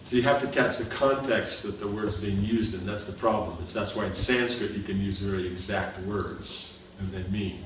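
A man with a fairly low voice teaches a scripture class, patiently explaining and often asking whether his students follow. He is heard from a distance in a very echoey room, with a little background noise. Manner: patient, explaining with repeated checks for understanding. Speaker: spiritual teacher.

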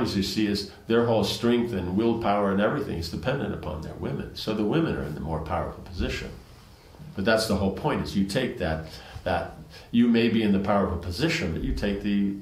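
A man teaching, reading scripture aloud with commentary and rambling asides full of restarts. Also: lowish voice. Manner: rambling, many restarts and "you know"s. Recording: roomy echo.

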